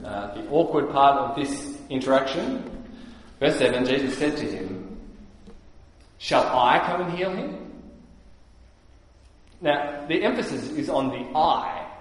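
A man's voice: mid-range voice, lively intonation. Earnest male preacher in an echoey hall. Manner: earnest, explanatory, frequent "uh" pauses. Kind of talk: sermon.

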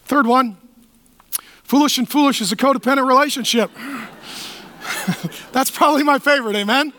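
A man's voice: very high-pitched, moderate pace, bright, forceful tone, a little hiss or hum. A man preaching a sermon as pastor, conversational and jokey, acting out little quoted exchanges.

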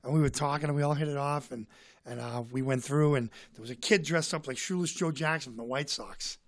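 A man's voice: mid-range voice, a little fast, no echo. A man from Boston with a Boston accent, a comedian telling stories as a guest in a casual, rambling way, fighting a cold. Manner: rambling, chatty. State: has a cold. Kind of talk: casual storytelling.

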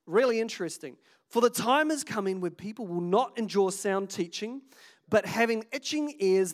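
A man in his thirties with a New Zealand accent, preaching a sermon as a pastor in a lively, conversational way with jokes and asides. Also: sits high.

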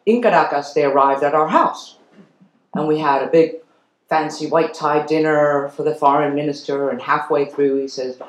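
A woman's voice: sits low, moderate pace, roomy sound, rough recording. A woman from Venezuela giving a public lecture, telling her story in an earnest, emphatic way. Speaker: guest lecturer. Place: lecture hall.

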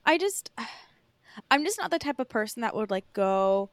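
A woman co-hosting a podcast, apologetic and quick to laugh in casual chat. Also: a little high, big pitch swings, dry recording. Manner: apologetic, laughs often, many "like" fillers. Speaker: podcast co-host.

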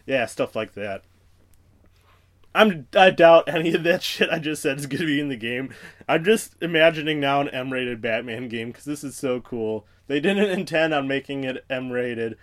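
A man's voice: medium pitch, animated, normal speed. A young man hosting a podcast alone, rambling through profane, self-mocking tangents in casual chat. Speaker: podcast host.

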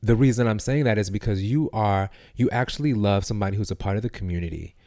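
A man's voice: fairly low pitch, quick pace, darkish tone, no room sound. A man co-hosting a podcast, talking earnestly and laying out long arguments in a casual discussion. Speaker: podcast co-host.

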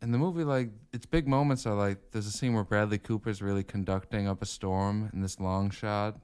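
A man's voice: fairly low pitch, fairly even intonation, a little fast, a little mellow, clear, resonant tone. A man co-hosting a casual podcast, reviewing a film in a laid-back, wry way and laughing often. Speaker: podcast co-host. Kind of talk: casual movie review chat.

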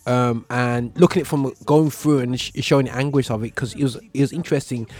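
A man with a Birmingham accent hosting a casual interview, rambling, slangy and quick to laugh. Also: medium pitch, fairly even intonation, a little mellow. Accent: Birmingham English. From Birmingham, England. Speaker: show host.

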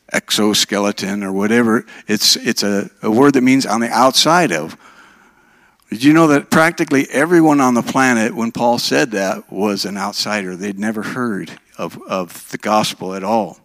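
A man's voice: fairly low pitch, a bit bright, no echo. A man in his sixties from Minnesota, preaching a sermon in a conversational way and asking his congregation questions. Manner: conversational, asks the audience questions. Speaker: pastor.

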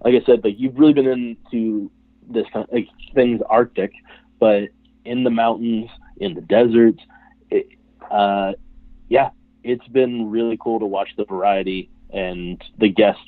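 A man's voice: on the low side, dry recording. A male podcast guest and longtime listener, chatting casually in a rambling way with lots of fillers. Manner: rambling, filler-heavy, chuckling. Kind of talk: casual chat. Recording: dry, tinny phone-like line.

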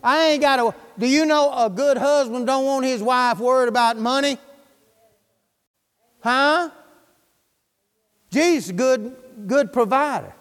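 A preacher, a man with a high voice, delivers a fervent, folksy sermon. He peppers the congregation with quick questions. His voice rings out with a long reverb in a church hall. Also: fairly bright tone, smooth.

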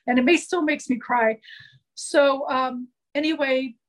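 A woman with a high voice recounts her experiences as a nurse in an earnest, heartfelt way. She talks conversationally and often stops to restart a sentence. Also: fairly even intonation, unhurried, rough recording. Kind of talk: conversational storytelling.

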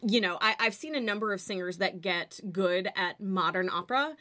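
A woman's voice: mid-range voice, moderate pace, bright, forceful tone. A woman singer talking in a casual interview, thoughtful and full of fillers.

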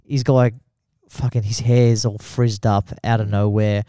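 A man's voice: on the low side, level tone, measured pace, dark tone, smooth, dry recording. Swearing young man, dry sound. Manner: crude, swearing storyteller who laughs a lot. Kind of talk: casual chat.

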